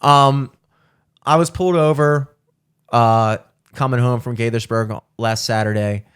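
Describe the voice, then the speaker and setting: A man, co-hosting a podcast and telling a long story in casual chat, animated and profane, acting out the voices of the people in it. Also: mid-range voice, unhurried, clean tone. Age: 30s. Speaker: podcast co-host.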